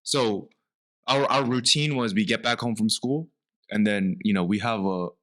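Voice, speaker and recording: A man's voice: lowish voice, normal speed. Young guy on a podcast, chatty, storytelling, does voices for his parents. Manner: animated storytelling, acts out quoted parents. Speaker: podcast co-host. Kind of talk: casual chat.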